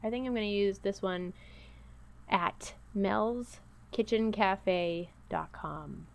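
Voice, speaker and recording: A woman's voice: mid-range voice, slow pace, vocal fry, a little mellow. A woman co-hosting a podcast, chatting casually in a rambling, playful way. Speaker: podcast co-host. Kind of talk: casual chat.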